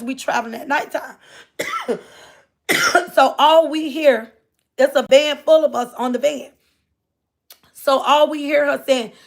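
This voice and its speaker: Woman livestreamer, high voice, rambling storyteller who keeps talking straight to her viewers. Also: gravelly. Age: adult. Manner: rambling, repeats phrases, often addresses listeners directly. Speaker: livestreamer reading viewer comments.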